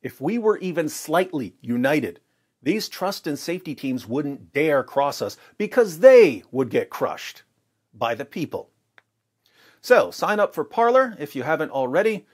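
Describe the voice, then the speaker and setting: A man's voice: a little high, very animated, measured pace. A man hosting his own video channel, delivering emphatic, argumentative commentary straight to the camera. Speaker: video host.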